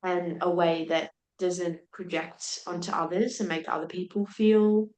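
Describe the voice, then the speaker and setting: A woman's voice: fairly low pitch, a little slow. A young adult woman, a podcast guest animatedly retelling a personal story, acting out what people said. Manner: animated retelling with laughs and quoted speech. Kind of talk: candid storytelling in conversation. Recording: roomy echo.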